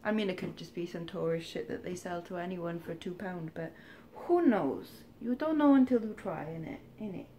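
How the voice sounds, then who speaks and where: A woman's voice: fairly low pitch, animated, moderate pace, few pauses, warm tone, slight background noise. Chatty woman doing a haul vlog. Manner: chatty, rambling, wry asides. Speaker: charity shop reseller vlogger. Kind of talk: casual haul vlog chat.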